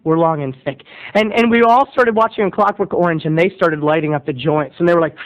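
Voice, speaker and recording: A man with a very high voice tells a comic story from his childhood on his vlog. His delivery is animated and theatrical. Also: brisk, poor audio. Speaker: video blogger.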